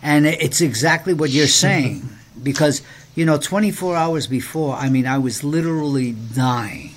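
A man's voice: a little high, normal speed, slight background noise. A man co-hosting a faith podcast and preacher, giving an earnest personal testimony in casual conversation, with many restarts.

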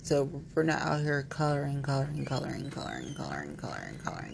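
A woman's voice: very deep voice, wildly swooping pitch, moderate pace, gravelly, few pauses, noisy background. A woman chatting candidly to camera, rambling and playful, frank and a little giggly, with lots of "like.". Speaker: vlogger. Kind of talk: candid casual chat to camera.

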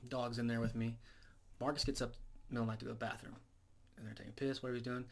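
A man's voice: medium pitch, level tone, racing. A man co-hosting a podcast, telling a rambling, profane story in casual chat. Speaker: podcast co-host.

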